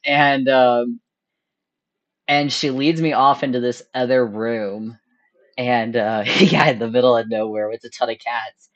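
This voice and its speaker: Very deep-voiced woman telling a story. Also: highs cut off. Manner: animated, laughs often, acts out her own thoughts. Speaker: charity stream host. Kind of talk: casual storytelling chat.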